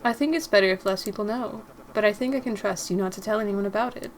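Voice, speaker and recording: A woman voicing a soft-spoken, gentle young man, Reginald. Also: medium pitch, quick pace, a little hiss or hum, lightly acted. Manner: calm, soothing and polite. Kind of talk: reading a visual novel aloud.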